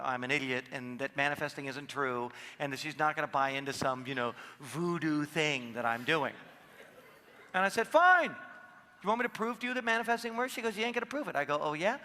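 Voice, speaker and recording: A man with a high, bright voice speaking to an audience in a large hall. He tells his stories with animation, acting out each person's lines. The long reverb of the room trails after his words. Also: brisk. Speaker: seminar speaker. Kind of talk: live seminar talk.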